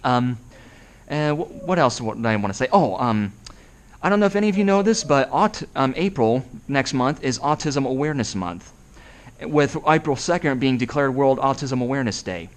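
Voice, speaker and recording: A man's voice: medium pitch, expressive, normal speed. A young man giving a school talk about himself in a plain, matter-of-fact manner. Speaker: guest speaker. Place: school classroom.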